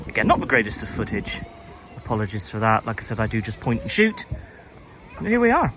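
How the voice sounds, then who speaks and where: A man's voice: on the low side, big pitch swings, fairly quick, background noise. Chatty man vlogging outdoors with a handheld camera. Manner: chatty, rambling, with frequent repeated words and restarts. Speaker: vlogger, host. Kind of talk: casual walking vlog commentary. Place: outdoors in a busy seaside village at night.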